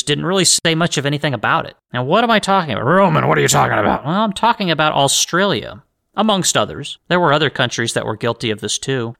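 A man's voice: mid-range voice, pushed and bright. A man hosting a solo podcast, arguing his opinions with rhetorical questions and frequent restarts. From United States. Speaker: podcast host.

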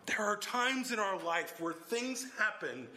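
A man preaching an expository sermon, emphatic and swinging from low, even delivery to sudden exclamations. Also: unhurried, slight background noise.

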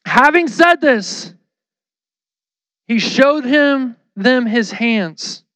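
A man giving a casual, lively sermon, telling the story with slang and acting out the people in it. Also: extremely high pitch, drawn-out words, dry recording.

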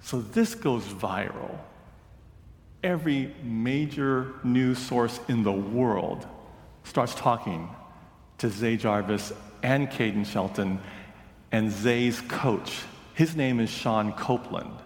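A male pastor delivers his sermon slowly and deliberately, in a mid-pitched voice. His earnest, measured storytelling rings out with a long hall reverb.

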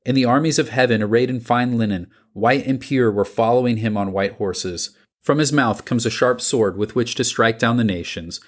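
A man reading scripture aloud in a measured, deliberate way, pausing between the items of each list. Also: on the low side. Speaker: scripture reader.

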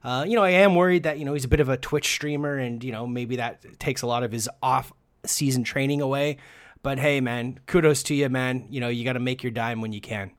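A man's voice: medium pitch, brisk. A man co-hosting a casual sports podcast, chatty, with many fillers and restarts. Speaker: podcast co-host.

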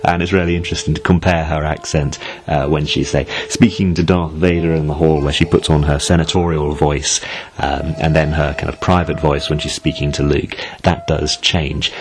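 A man from Britain hosting a solo podcast, talking in a chatty, wry way and musing aloud with asides. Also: very deep voice. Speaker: podcast host.

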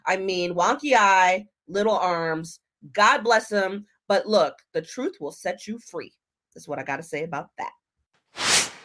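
A woman hosting her own podcast and telling a story in a casual way, animated and laughing as she acts out what people said. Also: fairly low pitch, unhurried. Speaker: podcast host.

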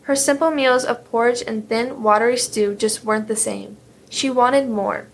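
A woman telling a fairy tale in a steady, clear storybook manner. Her voice sits somewhat high with a gravelly texture. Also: moderate pace, slight background noise. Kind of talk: storybook reading.

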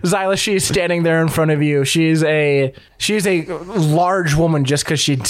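A man's voice: on the high side, moderate pace. A man narrating as game master of a tabletop game in a loose, casual way. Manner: loose, filler-heavy narration.

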